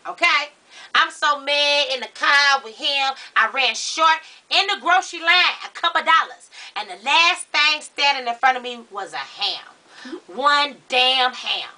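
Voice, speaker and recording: A man's voice: animated, measured pace, sharp tone, recorded from a distance, exaggerated voice. A man playing a gossipy, sassy middle-aged Baptist woman, chatting dramatically to the viewers. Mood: indignant. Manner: chatty, dramatic, rising to shrill outbursts. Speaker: comedy character show host. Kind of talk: character comedy monologue to camera.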